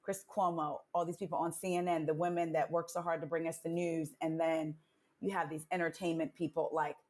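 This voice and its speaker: Podcast guest woman, a bit low voice, earnest, pauses with um and uh. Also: flat delivery, darkish tone. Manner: earnest, thoughtful, with hesitant pauses. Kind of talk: casual podcast chat.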